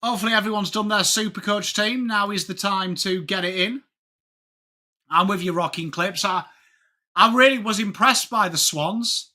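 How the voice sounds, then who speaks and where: Bright-voiced chatty English man. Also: high-pitched, moderate pace. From England. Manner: chatty, greets chat viewers by name, slangy banter. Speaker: livestream host. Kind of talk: casual live watchalong chat.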